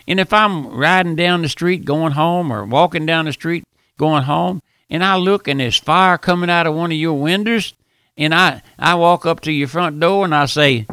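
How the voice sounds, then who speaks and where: Male pastor, fiery radio sermon delivery, high gravelly tone. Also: moderate pace, no room sound. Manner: fervent preaching, swings from pleading hush to shouting.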